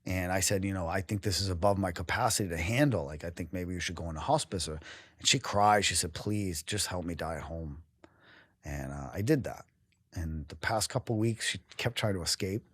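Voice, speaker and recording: A man's voice: sits low, a little fast, breathy edge, dry recording, studio quality. A man from New England, a guest on a podcast, telling his story candidly and emotionally, swearing freely and often breaking off and restarting.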